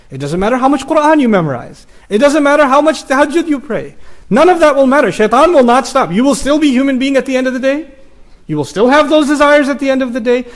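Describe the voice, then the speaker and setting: A man giving an earnest, conversational sermon in a mosque, acting out the inner voices of his listeners. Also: high voice. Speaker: preacher. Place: mosque hall.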